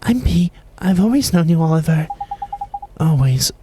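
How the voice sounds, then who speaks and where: A man's voice: fairly high pitch, expressive, moderate pace, warm tone, a little hiss or hum, pitched above the performer's own voice. A man doing a small, cryptic spirit girl. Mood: gentle. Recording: game music playing underneath.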